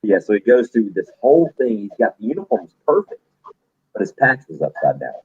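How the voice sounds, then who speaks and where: A middle-aged man with a very deep, husky voice tells a blunt, salty story to friends. He is a retired soldier and bar owner, talking loosely and bluntly. The sound is tinny and dry, like a phone line in a close space. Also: fairly quick, no echo. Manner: blunt, profane, animated anecdote teller. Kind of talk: casual storytelling among friends.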